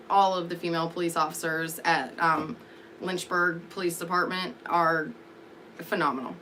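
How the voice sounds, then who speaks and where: A woman talks straight to the camera in a loose, rambling monologue. Her voice is bright and sharp. She swears freely and fills her pauses with ums and likes, with a faint hiss underneath. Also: on the low side. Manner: candid, rambling, profane, with frequent fillers. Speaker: vlogger. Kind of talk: casual storytelling monologue.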